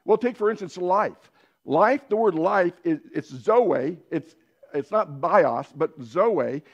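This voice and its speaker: Male Bible teacher, fairly high voice, loose chatty delivery with restarts, dull lo-fi recording. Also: lively intonation, slow pace. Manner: conversational, frequent restarts and self-corrections. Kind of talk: casual Bible lesson.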